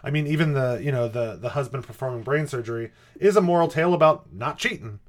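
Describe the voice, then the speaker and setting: A man's voice: medium pitch, animated, quick pace. A man co-hosting a podcast in casual chat, rambling and hesitant with wry asides. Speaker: podcast co-host.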